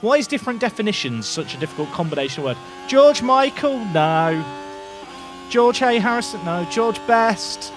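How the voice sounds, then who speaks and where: A young man giving excitable, jokey commentary while playing a racing game, talking to his chat and shouting at his drivers. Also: sits high, normal speed, over music. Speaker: gaming video creator. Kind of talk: casual gameplay commentary.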